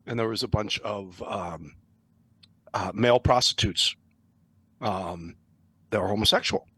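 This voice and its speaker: A man's voice: on the low side, unhurried, fairly bright tone, breathy edge, dry recording. A man who regularly joins a podcast, telling rambling stories in casual chat with lots of fillers. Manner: rambling storyteller, many fillers.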